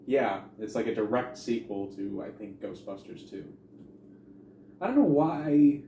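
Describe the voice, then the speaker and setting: A man's voice: medium pitch, lively intonation, a little slow, warm tone. A man co-hosting a casual movie podcast, talking in a wry, sarcastic way and laughing often. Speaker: podcast co-host. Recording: echoey room, faint noise.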